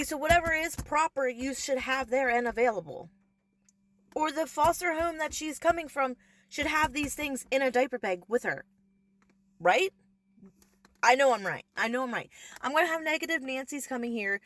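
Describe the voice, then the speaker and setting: A woman's voice: on the high side, a bit bright. Angry, profane woman ranting to camera. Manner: heated, profane, emphatic. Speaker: vlogger. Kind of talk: angry social media rant.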